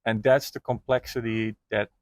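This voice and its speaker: A man's voice: lowish voice, level tone, moderate pace, no room sound. Dry-voiced man explaining beer barrels. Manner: explains at length, detailed. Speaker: brewer. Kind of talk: casual tasting chat.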